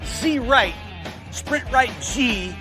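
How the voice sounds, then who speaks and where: A man putting on a high, drawn-out voice as someone calling football plays, heard from further off the mic. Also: lively intonation, sharp tone, faint music behind, heavily acted, poor audio. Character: man barking football play calls.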